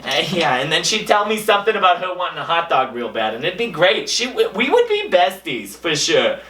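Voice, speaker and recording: A young man hosting a comedy show, delivering a deadpan monologue full of absurd boasts, his voice jumping between high and low. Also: brisk, over loud music. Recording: echoey room, a bit far from the mic.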